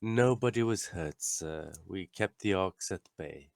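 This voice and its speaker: A man voicing a bashful, halting female warrior sister in a tabletop game. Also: low-pitched, expressive, vocal fry, mellow, no room sound, studio quality. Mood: sheepish.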